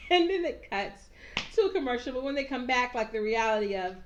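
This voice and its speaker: A woman recapping a TV episode in casual chat, animated and sassy, acting out the characters as she goes. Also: on the high side, normal speed. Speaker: TV recap reviewer. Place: at home, handheld camera.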